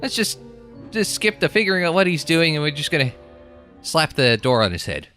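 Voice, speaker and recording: A man's voice: on the high side, big pitch swings, a little fast, bright, forceful tone, soft background music. A young man giving casual, joking let's-play commentary, sarcastic and rambling. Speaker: game commentator.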